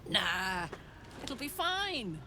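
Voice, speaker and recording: A brash, hearty tiefling warrior. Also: female voice, medium pitch, sing-song, very slow, sharp tone, a little hiss or hum, heavily acted. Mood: breezy. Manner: blunt, hearty and breezy. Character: brash cheerful female tiefling warrior with a fiery engine heart. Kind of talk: video game voice acting.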